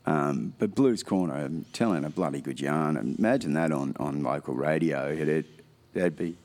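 A man's voice: very deep voice, moderate pace, a little mellow. A man with an Australian accent hosting a podcast, effusive and hearty, calling his guests mate. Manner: effusive, hearty, swears casually. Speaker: podcast host. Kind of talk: warm casual podcast chat.

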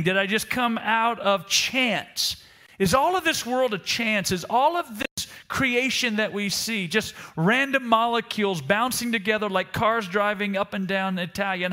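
A male pastor delivers a storytelling sermon and draws the congregation in with rhetorical questions. His voice sits a little high for a man and has a bright, forceful ring. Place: church service in Italy.

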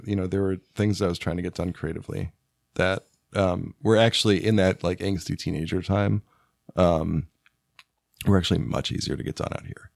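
A man with a very low, gravelly voice, hoarse from being sick. He talks in a relaxed, rambling, joking way into a close studio mic. The sound is dry, with no room echo. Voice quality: deep gravelly voice. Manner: laid-back, rambling, joking. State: hoarse from illness. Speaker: podcast guest, spouse of host. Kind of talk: casual chat. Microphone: studio microphone.

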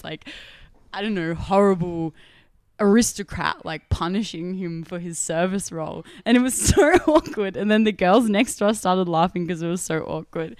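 A young Australian woman co-hosting a podcast, telling a story in a lively, laughing way and acting out quotes. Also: medium pitch, no room sound, studio quality. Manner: animated, laughing, acts out quotes. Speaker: podcast co-host. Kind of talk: casual storytelling chat.

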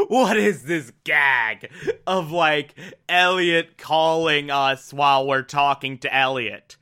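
A man's voice: a little high, bright, forceful tone, clean tone. A man casually recapping a TV episode in a loose, conversational way, filling gaps with "like". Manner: loose, conversational with frequent "like" fillers.

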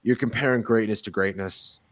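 A man's voice: lowish voice, steady tone, a little fast, no room sound. A young man hosting a casual podcast, upbeat and joking with his co-host, recorded on a studio mic. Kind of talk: casual chat.

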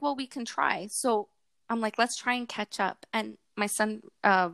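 A woman's voice: on the high side, moderate pace, creaky, no echo, studio quality. A woman hosting a podcast, chatting casually and acting out bits of dialogue as she tells stories. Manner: animated storyteller, acts out dialogue with her son. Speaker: podcast host. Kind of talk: casual chat.

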